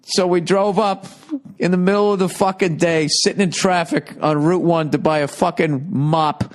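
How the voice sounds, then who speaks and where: A man's voice: high-pitched, moderate pace. A man hosting a podcast, telling profane, rambling stories in a casual monologue. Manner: profane, rambling, animated storytelling. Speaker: podcast host.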